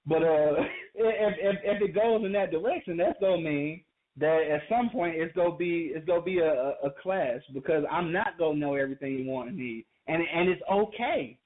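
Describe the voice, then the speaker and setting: A man's voice: fairly high pitch, normal speed. A man co-hosting a call-in podcast, talking casually and repeating himself with frequent laughs. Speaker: podcast co-host. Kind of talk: casual radio talk. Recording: phone-like call-in radio audio.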